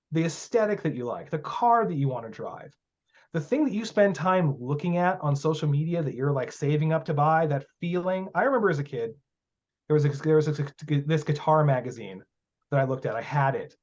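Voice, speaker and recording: A man speaking a little high for his sex, talking bluntly and swearing freely as he tells stories with heavy emphasis. His voice comes through muffled and lo-fi, as on a casual podcast interview. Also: a little mellow. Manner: blunt, profane, emphatic storytelling. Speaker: guest, magic teacher. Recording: muffled lo-fi audio.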